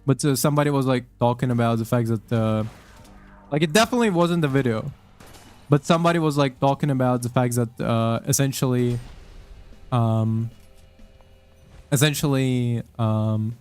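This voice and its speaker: A man's voice: mid-range voice, normal speed, pauses often, a little mellow, smooth. Rambling, profane young man gaming. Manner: rambling, profane, many fillers and restarts. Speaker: gamer commenting while playing. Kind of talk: casual gaming commentary. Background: faint game music.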